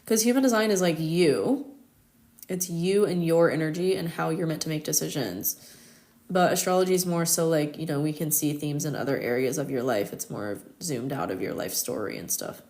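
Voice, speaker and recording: A woman's voice: low-pitched, normal speed, a little mellow. A thirty-year-old woman from the United States, chatting casually on a live stream and telling stories, with lots of "like" and frequent laughter. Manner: chatty storytelling, constant "like", laughs often. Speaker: astrologer hosting a live stream. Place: her home in Paris.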